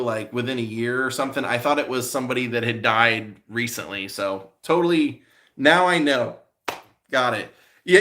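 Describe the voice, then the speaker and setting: A man's voice: medium pitch, sharp tone. A man hosting a casual live stream, rambling along with lots of fillers as he answers viewers' comments.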